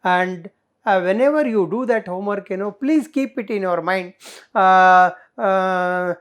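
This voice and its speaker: A woman's voice: mid-range voice, measured pace. A middle-aged woman teacher, explaining grammar in a classroom lesson, full of fillers and rhetorical questions. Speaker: English teacher.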